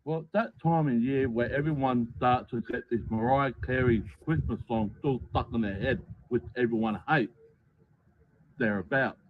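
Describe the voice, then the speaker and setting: Man, Australian accent, deadpan joke delivery, thin phone-like audio, middle pitch. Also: normal speed, dry recording. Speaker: joke teller in played clips. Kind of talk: short comedic video bits. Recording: tinny phone-like clip audio.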